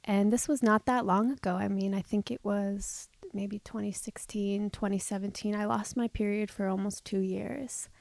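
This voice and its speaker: Brief: woman podcast host, reflective storyteller, gravelly fry, dry close mic. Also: medium pitch, steady tone, normal speed, hardly any pauses, dry recording. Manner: open and reflective, shifting between soft and emphatic. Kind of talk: candid personal storytelling.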